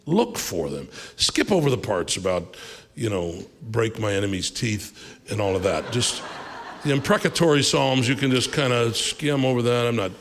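A man preaching a sermon as pastor, in a conversational, animated way with asides and quick laughs. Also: mid-range voice. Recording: reverberant hall.

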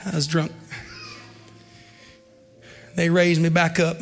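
A man in his thirties preaching a revival sermon to a congregation in a church, swinging between shouted exhortation and hushed storytelling. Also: sits high, level tone, unhurried, long pauses. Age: 30s.

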